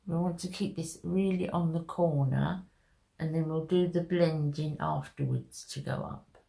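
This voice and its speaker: A woman's voice: deep voice, steady tone, measured pace, gravelly, warm tone. A woman talking viewers through a makeup tutorial in a chatty, step-by-step way. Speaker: makeup vlogger.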